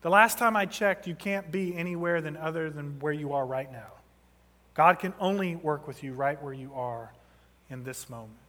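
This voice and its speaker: A man in his thirties delivers a sermon, moving from storytelling into impassioned emphasis. His voice sits a little high. The long reverb of a large hall trails every phrase. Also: normal speed, sharp tone. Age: 30s. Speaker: pastor.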